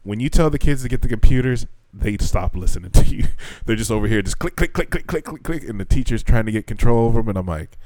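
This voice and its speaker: A young man, a teacher, telling a frustrating work story on a podcast, animated and swearing freely as he acts out what people said. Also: fairly low pitch, fast, hardly any pauses, dry recording. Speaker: podcast co-host; assistant language teacher in Japan. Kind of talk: casual chat.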